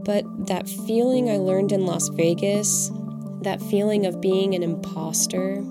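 A woman in her twenties from Montana, narrating a personal story for her podcast in a reflective, candid, wry way. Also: medium pitch. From Montana, USA. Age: 20s. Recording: clear music playing behind the voice.

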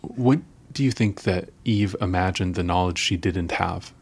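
Male interviewer, very deep, husky, thoughtful questions. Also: a little slow. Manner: thoughtful, restarts while framing questions.

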